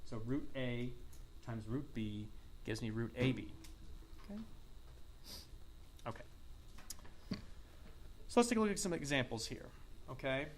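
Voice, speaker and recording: A man teaches a classroom math lesson, his voice sitting a little high for a man. He keeps asking the class questions and echoing their answers back, with a faint hiss in the recording. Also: fairly bright tone. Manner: coughs and clears throat now and then. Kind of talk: classroom lecture.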